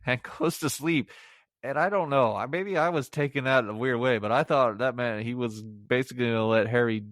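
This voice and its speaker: A man's voice: mid-range voice, no echo, studio quality. A middle-aged man giving a casual solo movie review on a podcast, rambling and sarcastic, laughing at his own jokes.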